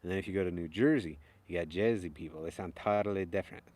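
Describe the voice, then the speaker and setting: A man's voice: sits low, quick pace, a little mellow. A young man chatting casually and rambling on a live stream, chuckling often. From upstate New York. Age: young adult. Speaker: chainsaw carver hosting a live stream.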